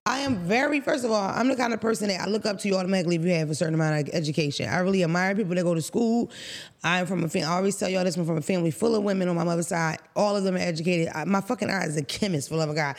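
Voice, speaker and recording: Blunt, profane woman with a gravelly voice. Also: fairly low pitch, rapid-fire. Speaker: podcast co-host. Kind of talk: casual podcast storytelling.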